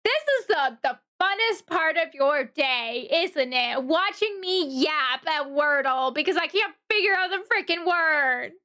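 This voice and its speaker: A woman streamer with a very high, bright voice who talks slowly and at length to her chat. She swings from low grumbling mutters to exasperated shrieks at the game, then drifts back into quiet self-talk while fiddling with settings. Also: animated.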